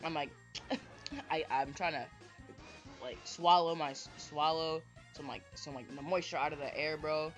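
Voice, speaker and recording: A man's voice: fairly high pitch, steady tone, a little slow, a bit bright. A man ranting casually to camera, rambling and tagging his sentences with "bro" and "right?". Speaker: vlogger. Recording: dull lo-fi mic with faint music.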